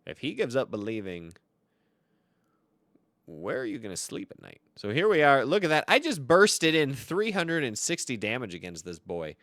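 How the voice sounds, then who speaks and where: A man giving comedic card-game commentary, boastful and theatrical, swinging between loud outbursts and low mutters. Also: huge pitch swings, moderate pace, dry recording, clean studio sound.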